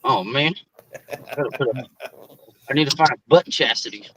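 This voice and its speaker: A man's voice: mid-range voice, normal speed, heavy background noise. A man joking around as a guest on a casual fishing livestream chat. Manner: joking, lively. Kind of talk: casual banter.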